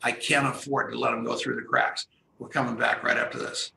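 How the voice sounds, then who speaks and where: A man hosting a radio talk show, telling an excited story with acted-out dialogue. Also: mid-range voice, a little fast, creaky, roomy sound, slight background noise, rough recording. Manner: excited, animated storyteller who acts out dialogue.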